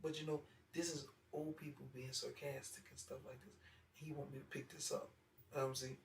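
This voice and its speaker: A man speaking as an interview guest, telling a childhood story in an animated way that turns loud when he gets worked up. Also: mid-range voice, a little fast, gravelly, a little hiss or hum. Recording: echoey room, far from mic, faint ambience.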